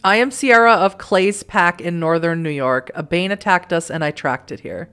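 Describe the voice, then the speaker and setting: A woman's voice: on the low side, moderate pace, fairly bright tone, smooth, faint music behind, close to an everyday voice. A woman voicing her own overconfident, awkward young female werewolf in a story game, talking cheeky and coy. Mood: earnest.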